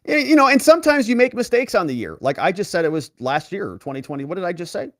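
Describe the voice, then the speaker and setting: Sarcastic guy doing political commentary, bouncy pitch, dead dry room. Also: fast talker, dry recording. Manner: animated and sarcastic, with wide swings in pitch. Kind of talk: casual commentary, reading articles aloud.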